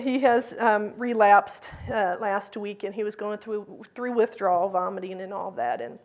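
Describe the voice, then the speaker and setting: A woman gives a conference talk with a voice that rings bright and clear and sits a touch high. Her delivery is chatty and heartfelt, full of little fillers and easy laughs. She sounds like a school founder speaking from the heart. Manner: heartfelt, emotional in places.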